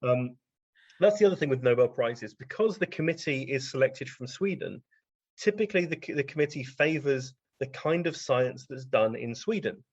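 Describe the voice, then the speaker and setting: A man's voice: medium pitch, expressive, moderate pace, a little mellow, husky, no room sound. Guy guest on a podcast, rambly anecdotes, lots of ums, dry kinda muffled audio. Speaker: guest science writer. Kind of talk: casual interview storytelling.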